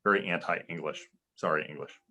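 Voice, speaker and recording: A man's voice: low-pitched, moderate pace, pushed and bright, a little hiss or hum, rough recording. A young man chatting as a podcast guest, rambling with many fillers and restarts. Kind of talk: casual chat.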